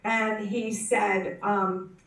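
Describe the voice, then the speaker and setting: A woman telling a personal story to a conference audience, animated and acting out the voices in her story, often restarting her sentences. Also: mid-range voice, extremely slow. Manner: frequent self-corrections and restarts. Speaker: conference speaker. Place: conference hall. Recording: roomy hall, speaker distant from the mic.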